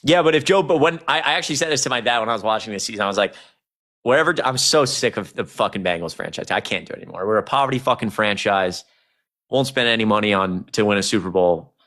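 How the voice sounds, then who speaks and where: A young man hosting a casual livestream, talking to chat in a rambling, animated way with plenty of swearing. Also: on the low side, quick pace. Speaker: streamer.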